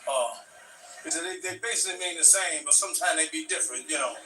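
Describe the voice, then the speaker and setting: A man telling a comic story in a fast, animated, loose way. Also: fairly high pitch, roomy sound, distant mic, heavy background noise. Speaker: comedian telling a joke. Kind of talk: stand-up joke telling.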